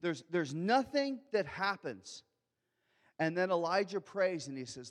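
A man in the pulpit delivering a sermon in a notably high voice. He acts out the scripture quotes and moves between loud, urgent lines and near-whispers. A long reverb trails his words through the sanctuary. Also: expressive, measured pace. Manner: dynamic preaching, acting out quotes, swinging from loud to hushed. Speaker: pastor.

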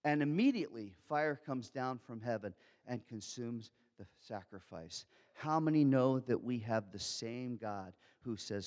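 A man preaching a sermon as pastor, acting out quotes and swinging between loud, urgent lines and hushed, quiet ones. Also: medium pitch, lively intonation, a little slow, few pauses, big-room sound.

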